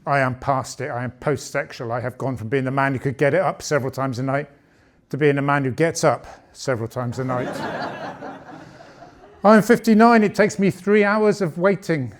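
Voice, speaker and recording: A man's voice: mid-range voice, normal speed. A man in his late fifties doing a bawdy, conversational stand-up comedy set on a club stage, speaking into a handheld mic. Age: 50s. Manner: bawdy, conversational, punchy delivery.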